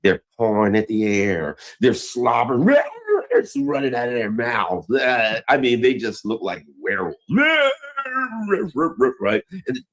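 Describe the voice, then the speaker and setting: A man's voice: lowish voice, very animated, moderate pace, hardly any pauses. A man hosting a news commentary show, talking casually and rambling into old stories, with frequent restarts.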